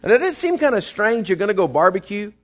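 A man's voice: high-pitched, sing-song, fast talker. Folksy man preaching. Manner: folksy, conversational preaching with asides to the congregation; swings between quiet asides and emphatic bursts. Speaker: pastor. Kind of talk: sermon.

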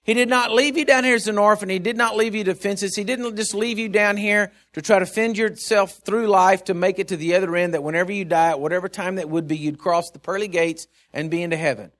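A man's voice: high-pitched, fairly even intonation, fast, hardly any pauses, fairly bright tone. A male preacher giving a sermon in an emphatic, conversational way.

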